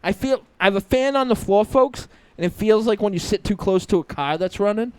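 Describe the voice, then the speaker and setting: A man's voice: high-pitched, lively intonation, brisk, darkish tone, smooth. A man co-hosting a podcast, joking and teasing his friends in casual banter while overheated. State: overheated, sweating. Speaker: podcast co-host.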